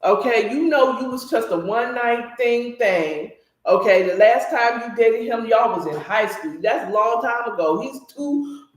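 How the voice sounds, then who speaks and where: A woman casually recapping a story with blunt, opinionated commentary, talking straight to her listeners. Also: medium pitch. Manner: animated, blunt and opinionated, talks to listeners directly. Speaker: book recap host. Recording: roomy echo.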